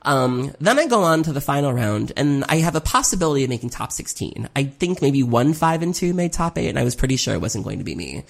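With a creaky, sing-song voice at medium pitch, a card player briskly recaps a tournament with hardly any pauses. The casual talk rambles, leans on "um"s, has occasional swearing, and dwells openly on their own mistakes.

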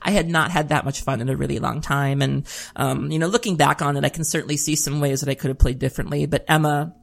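Low-voiced chatty woman. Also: steady tone, fast, gravelly. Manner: chatty storytelling with frequent laughs and "um"s. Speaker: podcast co-host. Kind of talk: casual chat.

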